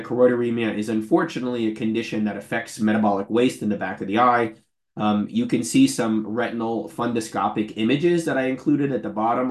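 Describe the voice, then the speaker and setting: Man in his forties, losing his voice. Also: on the low side. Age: 40s. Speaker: invited lecturer. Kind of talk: academic talk over a video call. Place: office. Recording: roomy echo.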